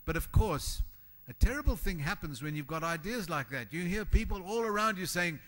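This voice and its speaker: A man giving a motivational conference talk to an audience in a hall, animated and emphatic, acting out the voices of the people he quotes. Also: high-pitched, fairly quick. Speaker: conference keynote speaker.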